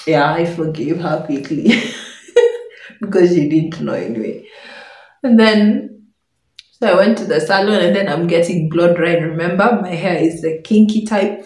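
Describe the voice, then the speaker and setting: A young woman vlogger telling a personal story in an animated way, laughing often as she goes. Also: lowish voice, recorded from a distance. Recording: echoey room.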